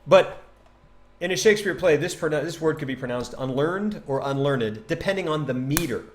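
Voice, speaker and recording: A man casually teaching a poem on a livestream, chatty and animated, thinking aloud and tapping out rhythms. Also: a little high, fairly quick, slight background noise. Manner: taps out rhythm with nonsense syllables. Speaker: streamer explaining a poem.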